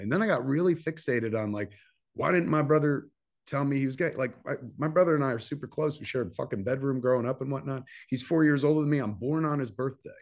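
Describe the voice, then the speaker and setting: A man in his fifties from New Jersey, a filmmaker telling a long personal story in a casual interview. He swears freely and acts out quoted dialogue in animated bursts. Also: medium pitch, fast talker. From New Jersey, USA. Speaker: filmmaker guest.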